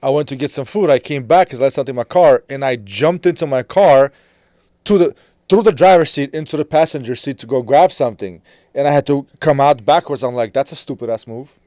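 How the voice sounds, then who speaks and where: Mellow-voiced man hosting a podcast. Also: medium pitch, a little fast, dry recording, clean studio sound. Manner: earnest, repeats himself, trails off quietly. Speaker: podcast host. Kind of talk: casual conversation.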